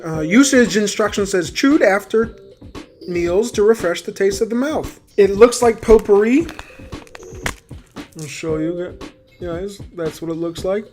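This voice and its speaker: A young man hosting a casual food vlog taste test, chatty and halting with frequent ums. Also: sits high, a little mellow, soft background music. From United States. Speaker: food vlogger.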